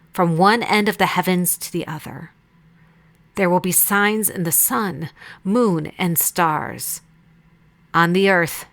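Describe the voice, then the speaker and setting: A woman reading Bible passages aloud in a measured, deliberate way. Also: fairly low pitch, fairly bright tone. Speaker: Bible reader. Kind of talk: scripted scripture reading.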